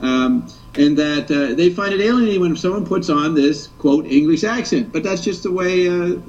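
A man explaining an idea in a halting way, with many fillers and stumbles. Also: a little high, darkish tone. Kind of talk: casual conversation. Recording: distant, muffled.

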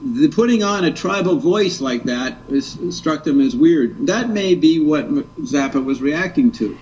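A man with a fairly high voice explains his point haltingly, stumbling over words and filling pauses. His voice comes from away from the mic and sounds dull and muffled. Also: animated, darkish tone. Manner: halting and explanatory, with many fillers. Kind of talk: casual conversation. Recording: distant, muffled.

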